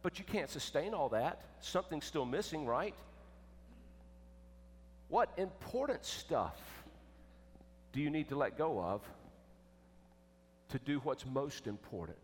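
A man preaching a sermon, emphatic, swinging between loud and hushed. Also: on the high side, animated, slow, pauses often, a little hiss or hum. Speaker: pastor. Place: church sanctuary. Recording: echoey church with long reverb.

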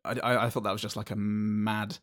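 A man's voice: on the low side, level tone, fairly quick, fairly bright tone. A man co-hosting a casual podcast, chatting about a film in a hesitant, rambling way with sweary banter. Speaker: podcast co-host.

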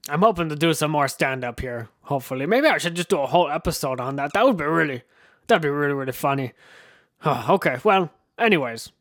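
A man's voice: a little high, lively intonation, fast talker, a bit bright, no echo, studio quality. Give me a stammering, goofy man doing a comic monologue. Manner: stammering, silly, laughs often. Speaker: comedy podcast host.

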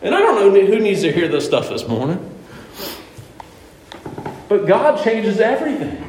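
A man preaching a sermon as pastor, conversational and animated, asking the congregation rhetorical questions in a church. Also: high voice, unhurried, slight background noise. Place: church sanctuary. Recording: echoey church room, mic at a distance.

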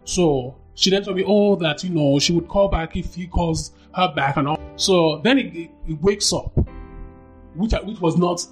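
Woman on a podcast, telling her story all fired up, repeats stuff, soft music way in the back. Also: low voice. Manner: animated, emphatic, acts out quoted dialogue, repeats phrases. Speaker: anonymous podcast guest. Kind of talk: candid personal storytelling.

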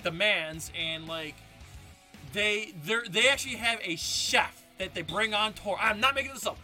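Bright-voiced rambling male host. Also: sits high. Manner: rambling, quick to laugh, filler-heavy. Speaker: podcast host. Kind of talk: casual chat.

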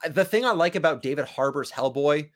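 Male co-host, casual and enthusiastic, expressive pitch. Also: a little fast. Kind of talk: casual movie discussion.

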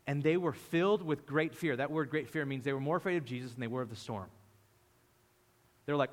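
Male pastor, sermon, lively storyteller, slightly high voice, long hall reverb. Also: brisk. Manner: lively storytelling, acting out the disciples.

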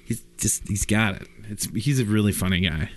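Male podcast host, low-ish voice, chatty and quick to jump in. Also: a little hiss or hum. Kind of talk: casual chat.

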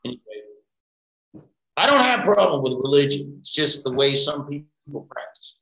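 A middle-aged man with a gravelly edge, telling loose, profane stories from his acting career. His voice rings a little in a reflective room, and he talks in a casual, digressive way. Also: a little high, normal speed, reverberant, low-quality recording. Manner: rambling, profane, animated anecdotes. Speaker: actor, interview guest. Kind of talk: casual storytelling interview.

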